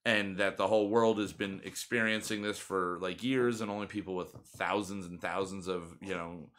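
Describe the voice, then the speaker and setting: A young man in his twenties hosts a casual podcast chat. His voice sits a little low but comes across bright and forward. He rambles and circles back with plenty of fillers. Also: steady tone, moderate pace. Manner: rambling, many fillers and restarts. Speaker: podcast host.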